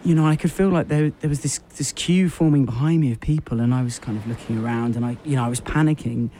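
A man at a middle pitch tells a surreal story in a rambling, deadpan way, looping back over phrases and leaning on fillers. A faint hiss sits under the voice. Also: fast talker. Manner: rambling, repetitive, full of fillers. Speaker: radio show host. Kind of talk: absurd deadpan storytelling monologue.

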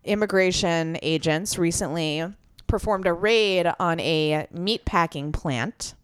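Smooth-voiced woman podcast co-host. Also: lowish voice, slow pace, no echo. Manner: chatty, laughs often, reads news items. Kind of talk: casual chat.

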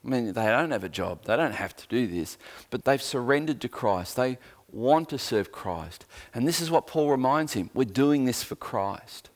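A man's voice: mid-range voice, expressive, normal speed. A man with an Australian accent, preaching a sermon as a pastor in an earnest, conversational way with joking asides.

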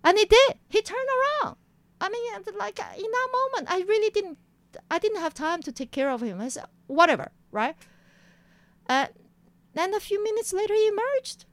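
A woman's voice: extremely high pitch, normal speed, no room sound. A woman, recounting her past as an interview guest and acting out voices as she goes. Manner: animated, acts out quotes in a raised voice. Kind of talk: personal storytelling in an interview.

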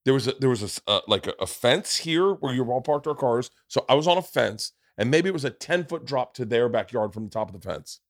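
A man hosting a podcast spins a rowdy, swear-filled story and slips into the voices of the people in it. His voice sits at an ordinary middle pitch. The sound is close and dry, with no room around it. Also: fairly quick, few pauses, no room sound. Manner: profane, animated storyteller who acts out voices. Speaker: podcast host. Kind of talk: casual storytelling chat.

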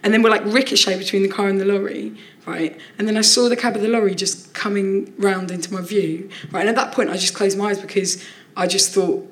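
A woman, a comedian, telling an animated story in casual chat on a live podcast, laughing often as she talks. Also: medium pitch, a little fast. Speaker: comedian guest.

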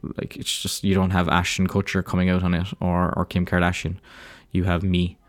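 An Irish man hosts a casual solo podcast, speaking in a deep, monotone voice at normal speed with no room sound. His monologue is rambling, profane and self-deprecating.

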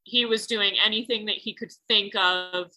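A woman with a bright, forceful voice spins a casual personal story in conversation. She rambles, leans on "like" constantly and swears without a second thought. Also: mid-range voice, fairly even intonation, normal speed, rough recording. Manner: rambling, heavy use of "like", swears freely.

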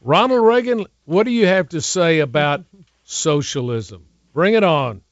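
A man's voice: on the high side, expressive, measured pace, dry recording, lo-fi sound. An older man hosting a political radio talk show, speaking in an emphatic, urgent way.

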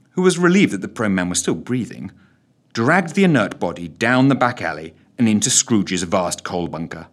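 Male narrator, husky and low, theatrical and highly animated reading of a story. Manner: theatrical, wry, very animated delivery.

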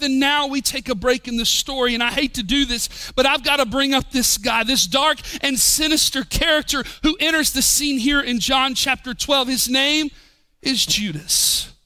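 A man preaching a sermon as pastor, swinging from shouted emphasis to low, quiet drops. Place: church.

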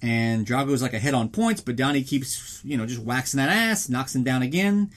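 A man at a middle pitch talks through a film recap like he's chatting with a friend, swearing freely and dripping with sarcasm. He keeps the tone loose and mocking, slipping into goofy voices for the characters he describes. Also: expressive, moderate pace. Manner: profane, sarcastic, jumps into silly voices. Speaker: podcast host.

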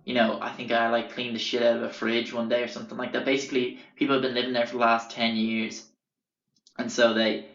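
A man's voice: mid-range voice, level tone, fast talker, a bit bright. Young irish guy rambling through a story, swears a lot, roomy dull lo-fi sound. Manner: rambling and profane, with many fillers and self-corrections. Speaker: podcast host. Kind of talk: casual storytelling.

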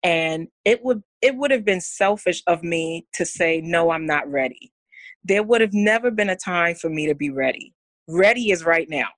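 A woman guest on a podcast talks earnestly and candidly. Her voice sits low for a woman. It is recorded close and dry. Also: lively intonation, moderate pace, no echo. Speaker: podcast guest, women's coach. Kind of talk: candid heartfelt interview talk.

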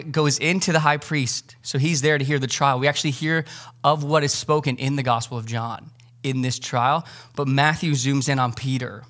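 A male pastor delivers a sermon in a fairly high voice. He is animated and conversational, dropping joking asides and briefly acting out the disciples.

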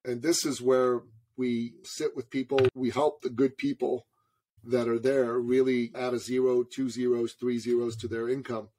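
A man in his forties, a podcast guest from Canada, telling a story in an animated way and calling the host brother. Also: medium pitch, normal speed, slight background noise. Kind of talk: storytelling interview.

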